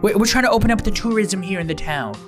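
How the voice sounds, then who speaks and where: A man voicing an eager, welcoming old male duck who is a town mayor, in a high, shouted, drawn-out voice. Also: lively intonation, soft background music.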